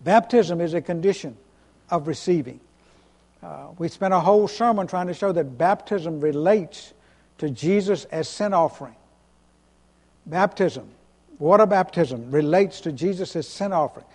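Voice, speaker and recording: A male pastor with a high-pitched voice delivers a sermon in an earnest, emphatic way. He repeats key phrases and restarts his sentences. The sound carries the long reverb of a church hall. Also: moderate pace, a little mellow. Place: church sanctuary.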